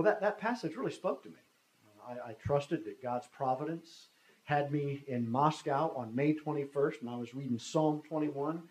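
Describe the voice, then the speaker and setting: A man in his fifties tells a story to an audience at a middle pitch. He talks in a loose, conversational way and acts out the lines of the people in the story. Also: darkish tone, reverberant, rough recording. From United States. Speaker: guest speaker. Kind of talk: storytelling talk.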